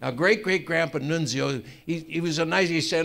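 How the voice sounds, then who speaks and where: A male comedian at a roast, spinning a mock-sincere tall tale with deadpan asides. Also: on the high side, a little fast, gravelly, few pauses. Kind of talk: stand-up storytelling at a roast. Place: club room with a live audience.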